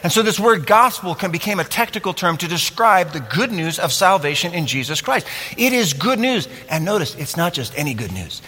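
Animated preacher in a reverberant hall. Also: male voice, high voice, a little fast, slightly rough. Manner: animated, acts out scenes and asks the audience questions. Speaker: pastor. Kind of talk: sermon.

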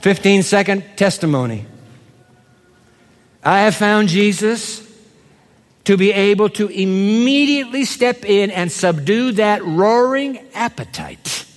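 Male preacher, high voice, lively swings in pitch, emphatic, echoing church hall. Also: slow pace, long pauses. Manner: emphatic, has the audience repeat lines. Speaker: pastor. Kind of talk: sermon.

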